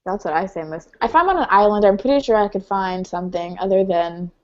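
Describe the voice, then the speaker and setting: A woman chatting on a video call, her voice at an ordinary middle pitch, with frequent laughs and lots of "like" as she talks. The sound is dull and lo-fi, like a basic computer microphone. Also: brisk, darkish tone. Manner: chatty, laughs often, says "like" a lot. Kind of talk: casual video-call chat. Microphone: computer mic on a video call. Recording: muffled lo-fi call audio.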